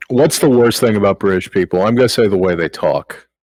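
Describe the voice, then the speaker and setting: A man's voice: lowish voice, a little fast, darkish tone, dry recording. A man hosting a podcast, chatting casually and crudely, bossing his co-hosts around. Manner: crude, joking, bossy with co-hosts. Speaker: podcast host. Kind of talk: casual comedic chat.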